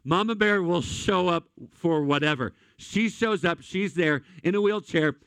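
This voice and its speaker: A man's voice: sits high, measured pace, a bit bright, no room sound. A man preaching a sermon, telling a personal story with rising emotion and speaking directly to his listeners as friends. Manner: emotional storytelling, addresses audience as guys and friends. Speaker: pastor.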